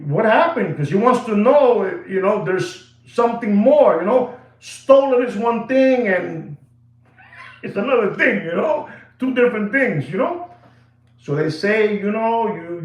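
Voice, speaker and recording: A man hosting a livestream, telling a story in a rambling, animated way with constant fillers. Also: high-pitched. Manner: rambling, animated, full of "you know" fillers. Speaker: watch dealer channel host. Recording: echoey room.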